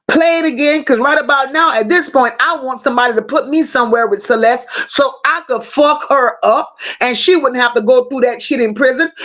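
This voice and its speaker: A woman with a high-pitched, fairly bright voice hosts a casual true crime livestream, telling the story bluntly and with strong emotion. She swears freely and addresses her viewers directly, and the recording sounds muffled.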